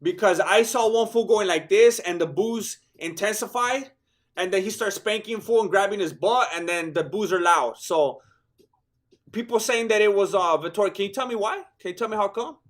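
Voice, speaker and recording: Hoarse, high-voiced man commentating. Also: moderate pace. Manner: excitable, joking, sprinkles Spanish slang. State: hoarse, worn-out voice. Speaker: fight watch-along host. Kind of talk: live fight commentary.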